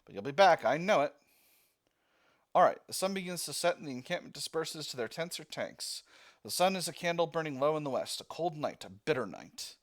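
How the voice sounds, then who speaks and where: A man's voice: a little high, lively intonation, a little fast. Man reading a text game aloud. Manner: reads narration, thinking aloud with fillers and restarts. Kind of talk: let's-play narration.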